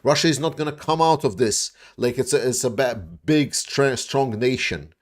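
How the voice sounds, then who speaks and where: A man's voice: mid-range voice, normal speed. A man giving casual commentary and answering viewer questions, speaking bluntly with many restarts, fillers and some swearing. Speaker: YouTube war commentator.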